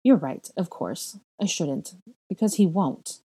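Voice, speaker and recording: Lady reading a cold sneery young wizard, flat and even, low husky voice. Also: takes it slowly, heavily acted.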